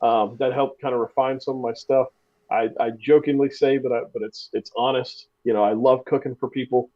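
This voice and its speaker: A man in the middle of a relaxed podcast chat, spinning a story with self-deprecating humor and stumbling over his restarts. His voice sits at an ordinary pitch. The recording sounds a little dull and lo-fi. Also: brisk. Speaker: podcast co-host. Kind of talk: casual chat.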